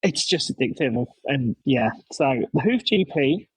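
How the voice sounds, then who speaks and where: A man's voice: medium pitch, sing-song, unhurried, slightly rough, no echo, rough recording. A man hosting a casual podcast, telling stories with enthusiasm and lots of restarts. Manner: rambling, enthusiastic, many restarts. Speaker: podcast host, dad.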